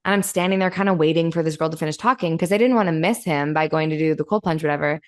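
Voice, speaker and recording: Podcast lady telling a story, kinda low voice, super animated, swears a lot. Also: fast talker. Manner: animated, acts out quoted voices, swears freely. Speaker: podcast host. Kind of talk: casual storytelling chat.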